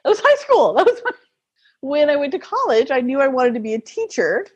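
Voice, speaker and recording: A woman's voice: high-pitched, sing-song, a little fast, dull audio. A woman telling stories in a casual interview, laughing often as she talks. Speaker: guest.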